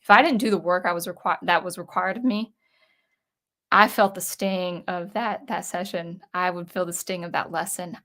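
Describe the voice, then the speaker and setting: A woman's voice: fairly low pitch, a bit bright. A young adult woman, a composer, thinking aloud in a casual talk to camera, with frequent restarts. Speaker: composer vlogger.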